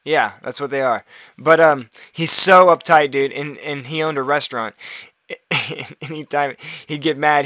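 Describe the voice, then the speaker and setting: A man's voice: on the high side, unhurried, sharp tone, dry recording, clean studio sound. A man casually commentating a multiplayer game, rambling and laughing often. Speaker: gaming video host.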